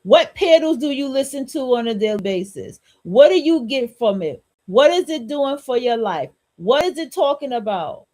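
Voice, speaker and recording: A woman's voice: high voice, big pitch swings, moderate pace, hardly any pauses, darkish tone. A woman hosting a solo podcast, talking in a blunt, repetitive, preachy and profane way. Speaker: podcast host.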